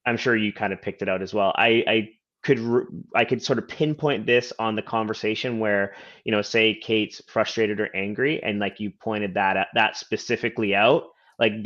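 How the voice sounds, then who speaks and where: A man hosting a live interview over a video call, asking relaxed, slightly halting questions. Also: lowish voice, muffled recording. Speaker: interview host, coach.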